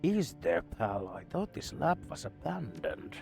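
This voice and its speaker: Game streamer, male, animated pitch, casual and a bit profane, reads game text aloud, faint music underneath. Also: measured pace, creaky, few pauses, husky. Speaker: streamer playing a video game.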